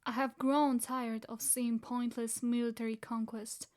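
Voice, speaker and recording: A woman voicing an earnest, serious young elf woman in flat, measured audiobook dialogue. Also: a little high, lightly acted.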